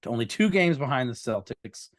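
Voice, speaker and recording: A man's voice: medium pitch, lively intonation, a little fast, dry recording, studio quality. A man co-hosting a sports podcast, easygoing and full of fillers as he chats. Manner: laid-back, filler-heavy. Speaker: podcast co-host. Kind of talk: casual chat.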